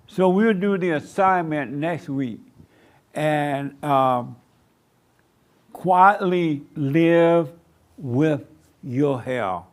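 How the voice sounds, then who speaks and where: Gravelly man preaching with emphatic repetition. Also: a little high. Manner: emphatic, repeats short commands. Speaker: pastor. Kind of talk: sermon to a small congregation. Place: church meeting room.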